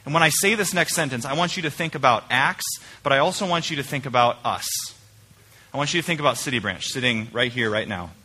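A male pastor preaching a conversational sermon in a church, swinging between emphatic points and quiet, searching questions. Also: mid-range voice, fast, breathy edge. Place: church sanctuary.

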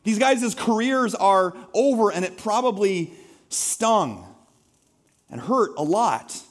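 Male pastor, higher-pitched voice, animated conversational sermon with self-mocking humor. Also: slow pace. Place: church sanctuary.

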